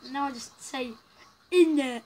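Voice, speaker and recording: A woman's voice: sits high, measured pace, a little hiss or hum, low-quality recording. A woman giving casual, rambling commentary while playing a story game, reacting aloud as she goes. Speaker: gaming channel host. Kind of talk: casual let's-play commentary.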